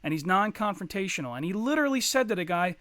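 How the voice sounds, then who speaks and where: Speaking fast in a high voice, a man co-hosting a podcast tells a long, crude story in a relaxed way, doing impressions of the people involved with plenty of energy. The audio is studio quality with no echo.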